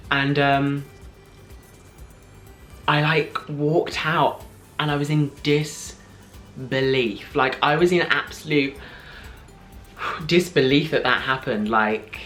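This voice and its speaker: A man's voice: mid-range voice, fairly even intonation, pushed and bright, soft background music. Gushing young man telling a story. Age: 20s. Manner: gushing, fast, filler-heavy with frequent "like". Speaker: vlogger. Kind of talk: excited storytelling to camera.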